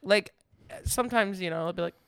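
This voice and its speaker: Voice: mid-range voice, brisk, vocal fry, a bit bright, clean tone, no room sound. A podcast co-host in casual chat, teasing and laughing a lot.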